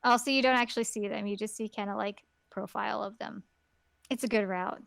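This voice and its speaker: A woman's voice: mid-range voice, steady tone, a little fast, gravelly, a bit bright, no echo. A woman co-hosting a podcast in casual chat, talking in a chatty way and playfully acting out characters she quotes. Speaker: podcast co-host.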